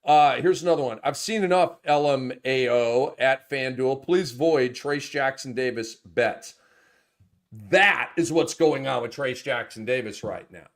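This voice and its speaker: A man hosts a fantasy basketball show in animated, casual chat that veers from muttering to loud outbursts of swearing. He has a mid-range voice and an unhurried pace.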